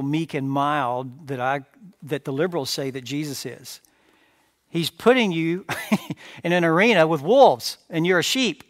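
A man's voice: a little high, a bit bright, no echo, clean studio sound. A man preaching a sermon as pastor, emphatic, repeating phrases and asking rhetorical questions. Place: church sanctuary.

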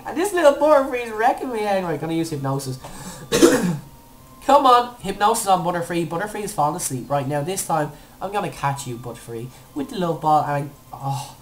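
A young woman commentating her own gameplay, excitable, with squealing cheers and playful made-up words. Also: fairly low pitch, a little fast. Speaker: let's play gamer.

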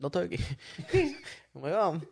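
Profane, animated man telling a story. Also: high-pitched, a little slow, creaky, crowd noise. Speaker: podcast co-host. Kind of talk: casual storytelling chat.

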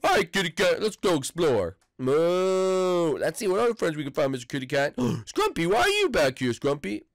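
An excitable man talks his own character through a playful game role-play, gasping and reacting in a cartoonish way. His pitch is a little high and swings all over, and the sound is close and dry. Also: brisk, no room sound. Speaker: gaming video creator.

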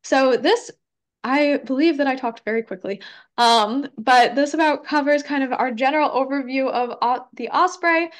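A woman's voice: high-pitched, normal speed. A young woman giving a casual educational presentation and answering questions, with frequent ums and hedging. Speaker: environmental educator giving a talk.

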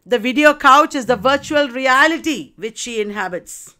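A woman lecturer talks through a play in a steady, explanatory way, checking in with her listeners. Her voice is high and smooth, with a clear, resonant tone. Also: moderate pace. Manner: explanatory, addressing students with rhetorical checks. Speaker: literature lecturer. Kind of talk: recorded literature lecture.

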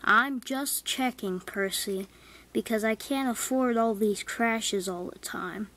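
A woman's voice: a little high, slow, fairly bright tone. A woman voicing a stout, bossy railway controller who commands and scolds his engines in a fan-made toy train story.

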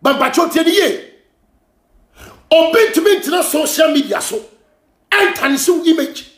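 A Ghanaian man hosting a gossip show, ranting and scolding in heated commentary, often shouting, switching between Twi and English. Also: very high voice, lively intonation, moderate pace, reverberant.

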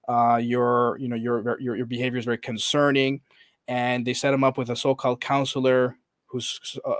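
A man's voice: mid-range voice, no echo. A man on a podcast as guest coach, animatedly retelling a story and quoting the people in it, with many fillers and restarts. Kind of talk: conversational storytelling.

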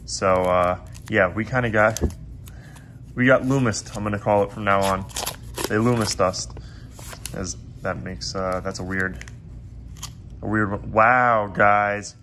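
A man's voice: on the low side, a little slow, long pauses, slight background noise. Casual man hosting a coin hunt vlog. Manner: chatty, excitable when surprised. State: losing his voice. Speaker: coin roll hunting channel host. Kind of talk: casual hobby vlog narration.

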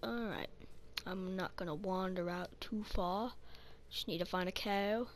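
A gaming channel host gives casual let's-play commentary, slowly muttering to herself and swearing often. Her mid-range voice has fairly even intonation, with slight background noise.

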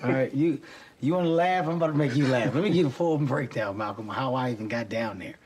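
A man's voice: medium pitch, quick pace, crowd noise. A man from Philadelphia hosting a talk show, telling a comedic story and acting out the voices in it. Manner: animated, acts out voices in his stories. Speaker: host.

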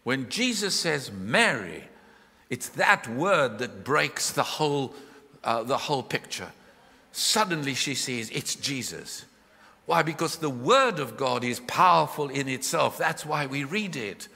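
Lively preacher with a bright voice. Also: male voice, medium pitch, unhurried, creaky, slightly rough. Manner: expressive, questioning, voices the Bible figures in his retelling. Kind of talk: live sermon. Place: church, live. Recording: hall reverb from a live church.

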